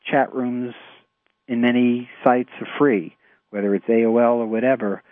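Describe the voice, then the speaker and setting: A man with a New York accent, a therapist explaining his clients' struggles in a measured, halting way with many fillers. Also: medium pitch, fairly even intonation, no echo. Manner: measured, hesitant with frequent fillers. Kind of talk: explanatory radio talk. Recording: tinny phone-like radio audio.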